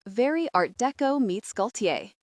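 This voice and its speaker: A woman's voice: a little high, big pitch swings, a little slow, no echo. A woman reading an earnest, gushing young female interior designer with a mid-Atlantic accent.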